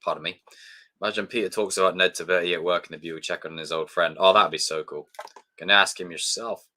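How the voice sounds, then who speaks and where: A man chatting casually on a live stream, excitable and swearing freely as he talks to his chat. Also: low voice, fast.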